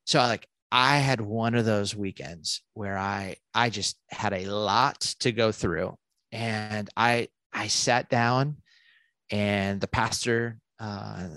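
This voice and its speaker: A man, a podcast guest telling a story in a casual, animated way, full of fillers and restarts. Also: on the low side, no echo, clean studio sound. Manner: animated, quick bursts with many fillers and restarts.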